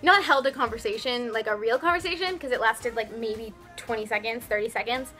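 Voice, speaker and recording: Young girl gushing through a storytime vlog, super bright voice, kinda high, says like a lot, faint music behind. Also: brisk. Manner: rambly, flustered, lots of "like". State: voice a bit worn after losing it at a concert. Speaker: vlogger.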